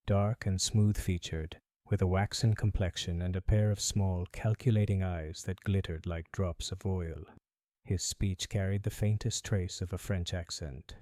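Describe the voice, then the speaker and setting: A man narrating an audiobook mystery in an atmospheric, even storytelling manner. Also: deep voice, no echo, studio quality. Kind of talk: scripted narration.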